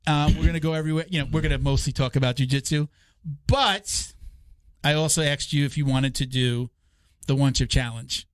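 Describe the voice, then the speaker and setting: A man's voice: a little high, steady tone, brisk, clean tone, dry recording. A man hosting a casual podcast chat, laughing often and stumbling through restarts. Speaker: podcast host.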